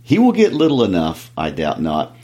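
A man's voice: low-pitched, huge pitch swings, normal speed. A man voicing an angry, proud dwarf king while reading a book aloud, raising his voice in threats. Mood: grim. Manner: shouting, raised voice, threatening. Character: furious proud dwarf king, gruff male.

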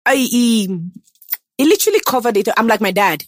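A woman's voice: fairly high pitch, big pitch swings, brisk, no echo, studio quality. A young woman with a Nigerian accent, chatting in an interview about herself, confident and emphatic, slipping into Pidgin. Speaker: guest. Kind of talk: casual interview chat.

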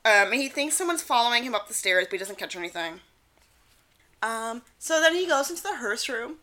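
A woman's voice: on the high side, very animated, brisk, sharp tone. A woman co-hosting a casual podcast recap, laughing often and acting out quotes. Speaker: podcast co-host.

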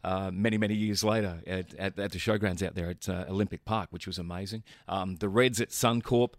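Man, Australian accent, middle-aged, lowish voice, dry studio sound. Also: fairly even intonation, a little fast, dry recording. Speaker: guest, sports announcer. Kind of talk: casual chat.

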